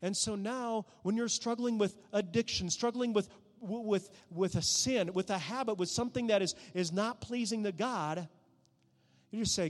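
A man with a fairly high voice delivers a sermon. He swings between hushed, intimate prayer and loud, emphatic preaching. His words carry a long reverb, as in a large hall. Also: moderate pace, faint music behind.

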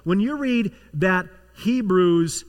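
A man's voice: sits high, expressive, slow pace. A man preaching a sermon as pastor, telling a story with rising intensity and acting out the voices of the people in it. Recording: long hall reverb.

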